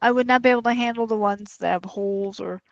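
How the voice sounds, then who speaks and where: A woman's voice: a little high, quick pace, vocal fry, dry recording, highs cut off. A woman from Arkansas and Texas co-hosting a podcast, chatting casually with wry replies. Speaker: podcast co-host. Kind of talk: casual chat.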